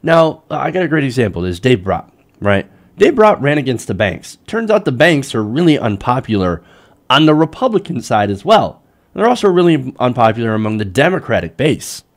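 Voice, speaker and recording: Heated, lively man ranting. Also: medium pitch, normal speed. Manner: heated, sarcastic, mocks politicians in put-on voices. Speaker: political commentator. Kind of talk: ranting political commentary.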